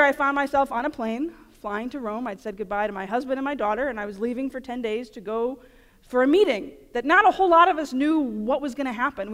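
High-voiced woman speaking in an echoing auditorium. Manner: animated, self-deprecating storyteller. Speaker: Catholic speaker. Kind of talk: storytelling conference talk. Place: large auditorium. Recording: long hall reverb in an auditorium.

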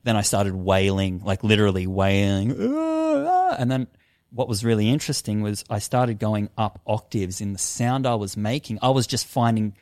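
A man guesting on a podcast tells a personal story with big energy, dropping swear words and acting out what went through his head. His voice sits on the lower side, and the sound is dry and close, with no room echo. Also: moderate pace. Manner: animated, swears often, acts out his own past thoughts. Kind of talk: casual storytelling conversation.

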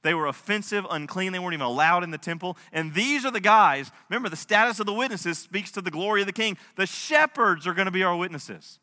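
A pastor in his thirties preaches to his congregation, swinging from hushed storytelling to impassioned appeals. His voice sits high and sounds bright and forceful. It rings out with the long reverb of a large hall. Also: fast talker, hardly any pauses. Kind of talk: sermon.

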